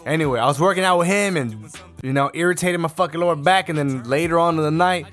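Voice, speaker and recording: A man's voice: on the high side, fast talker, fairly bright tone, faint music behind. A man hosting his own podcast, talking solo in a blunt, profane, ranting way. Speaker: podcast host. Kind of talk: casual solo podcast rant.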